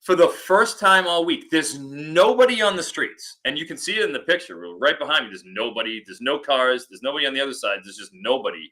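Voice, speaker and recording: A man, a football analyst, chatting casually on a podcast and telling rambling, animated stories with many restarts. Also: fairly high pitch, brisk, hardly any pauses.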